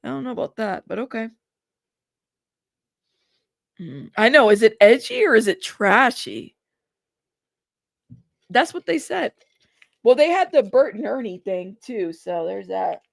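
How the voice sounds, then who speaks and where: A woman's voice: on the high side, very animated, normal speed, gravelly, dry recording. Chatty woman live-streamer, dry sound. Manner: chatty, reacting to chat, laughing, exclaiming. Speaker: host of live trial coverage stream. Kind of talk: casual live-stream commentary.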